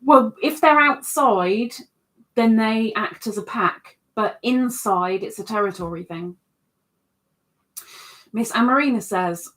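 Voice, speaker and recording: A woman's voice: on the high side, slow, long pauses, fairly bright tone. A woman hosting a casual livestream, chatting in a self-mocking way and reading out viewers' comments from a computer mic at home. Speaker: livestream host.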